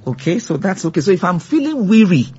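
A woman's voice: lowish voice, big pitch swings, quick pace, darkish tone, slightly rough, muffled recording. A woman leading a church Bible teaching, earnest and growing fervent as she exhorts her listeners. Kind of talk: church teaching with call-and-response.

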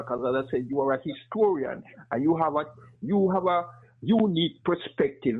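A man with a high, husky voice calls in over the phone and makes his point with passion and emphasis. His voice comes through a tinny phone line. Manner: impassioned, emphatic, conversational. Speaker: caller. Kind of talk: call-in question to a talk show.

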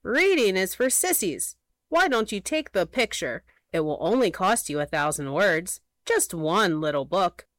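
A woman voicing a sly, greedy little male hedgehog painter with a squeaky voice, in a storybook reading. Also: very animated, unhurried, dry recording. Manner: sly, scheming.

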